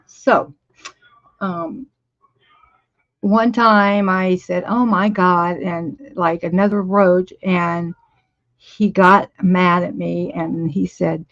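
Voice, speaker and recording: A woman's voice: fairly low pitch, no echo, muffled recording. A woman over fifty telling a story on a casual livestream from her home art studio, emphatic, often repeating words for stress and laughing.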